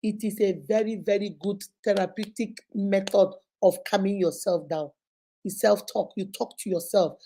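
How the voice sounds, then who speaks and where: This woman's mid-range voice is steady and warm, moving at a moderate pace, with a little hiss or hum in the audio. A relationship advice host and child therapist, she runs a live advice session, emphatically and motherly repeating points and calling the listener "baby."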